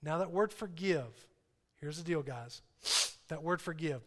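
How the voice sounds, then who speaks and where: A man's voice: fairly high pitch, lively intonation, a little slow. A man preaching a sermon, emphatic, asking his listeners questions and repeating key points. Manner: emphatic, asks the audience questions. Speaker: pastor. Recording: reverberant hall.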